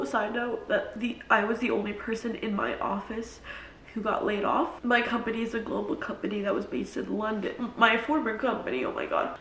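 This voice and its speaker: A young woman talking through tears in a confessional vlog, halting and full of fillers. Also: a little high. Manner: halting, many fillers and restarts. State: tearful, crying on and off. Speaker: vlogger. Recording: roomy echo from a distance, faint noise.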